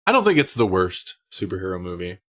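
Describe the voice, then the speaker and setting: A man's voice: deep voice, sing-song, fast talker, a bit bright. A man co-hosting a podcast, chatting casually and laughing often. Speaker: podcast co-host. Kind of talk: casual chat.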